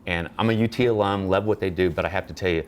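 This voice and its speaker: A man's voice: low-pitched, fast, a little hiss or hum. A man volunteering with therapy dogs, telling hospital stories in an interview, acting out the people he quotes and often stumbling and restarting. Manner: animated storyteller acting out quoted voices; frequent restarts and stammers. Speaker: therapy dog volunteer guest. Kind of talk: anecdotal interview storytelling.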